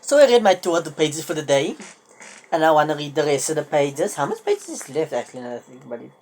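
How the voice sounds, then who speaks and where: A woman talking casually to camera in a reading vlog, her voice sitting a little low. She sounds tired and slightly under the weather, and she thinks aloud as she tallies up pages. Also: sing-song, fast talker, background noise. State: tired and a bit sick. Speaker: book vlogger.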